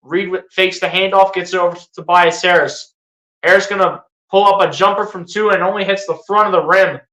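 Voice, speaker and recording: An excitable fan calls basketball play-by-play live with a bright, forward tone. The voice rings in a roomy, echoey space. Calm calls keep turning into sarcastic jabs and pleading outbursts. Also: mid-range voice, a little fast. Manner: excitable, rises into sarcastic rants and pleas.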